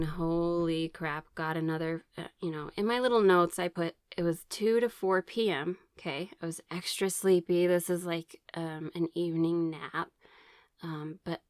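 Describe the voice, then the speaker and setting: A woman talks through her own experiences in a rambling, chatty way, stopping to read from her notes. Her voice sits a little low, and the sound is dry and close with no room around it. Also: no room sound. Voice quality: occasional throat clearing. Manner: chatty, rambling with many fillers and restarts. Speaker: vlogger sharing personal experiences. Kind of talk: casual personal storytelling.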